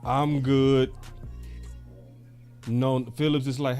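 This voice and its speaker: Male co-host, average pitch, playful and teasing. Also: normal speed, darkish tone, faint music behind. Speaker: sports podcast co-host. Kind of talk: casual sports talk.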